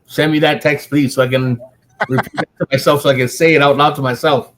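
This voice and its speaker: Laughing, energetic male radio co-host. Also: a little high, a little fast. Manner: laughs often, energetic reminiscing. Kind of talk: casual radio chat. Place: radio studio.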